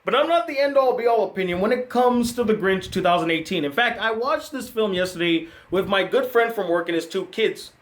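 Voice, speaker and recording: Male film critic, high voice, sarcastic ranting delivery, casual review host. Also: expressive, brisk, few pauses.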